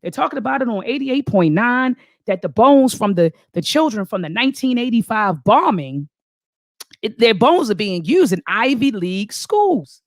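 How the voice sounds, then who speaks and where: A woman doing her breathless, high-pitched mother. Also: sing-song, moderate pace, no room sound. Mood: urgent. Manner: urgent, insistent questioning. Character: excited mother breaking urgent news.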